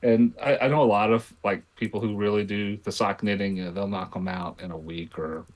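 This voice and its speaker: A man's voice: fairly low pitch, fairly even intonation, brisk. Rambling middle-aged man chatting. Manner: rambling, many restarts and self-corrections. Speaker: podcast co-host. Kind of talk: casual chat.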